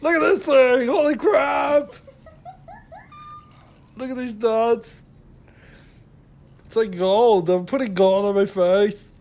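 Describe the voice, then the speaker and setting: A goofy, boastful woman beauty vlogger, played by a man in a comic makeup-tutorial voice-over. She drawls at an unhurried pace, gasps at every product she picks up, and swears mildly. She also hums filler syllables while she works. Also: very high voice, darkish tone, heavily acted. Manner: gasping exclamations and mild swearing. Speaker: husband narrating his wife's makeup tutorial.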